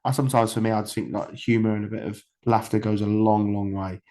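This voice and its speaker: Man in his thirties from the UK, podcast guest, rambling candid storytelling, fillers and swearing, lowish voice. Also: flat delivery, fast, warm tone. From United Kingdom. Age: 30s.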